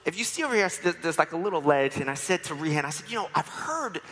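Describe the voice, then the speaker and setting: Man, 40s, from new york, sermon with personal testimony, playful storyteller, slightly high voice, long church reverb. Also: expressive, racing, fairly bright tone. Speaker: church speaker. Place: church sanctuary.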